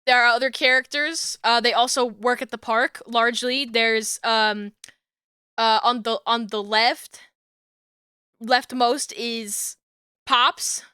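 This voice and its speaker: A young woman streamer rambles through a casual chat, giggling and swearing as she goes. Her voice sits high and clean, and she takes an unhurried pace. The sound is dry and close, with no room around it. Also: fairly even intonation, bright, forceful tone, smooth, no room sound.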